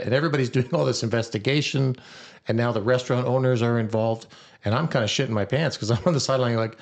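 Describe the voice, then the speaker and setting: A man's voice: medium pitch, fast. A middle-aged man co-hosting a podcast, telling a story in casual chat and acting out what people said. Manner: animated storyteller acting out quotes. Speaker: podcast co-host.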